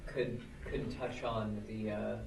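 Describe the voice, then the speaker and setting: A man's voice: on the low side, little pitch movement, slow, gravelly, noisy background. A man in class asking the teacher questions, hesitant and restarting his words. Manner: hesitant, repeats words as he starts. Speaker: student. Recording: roomy, far from the mic.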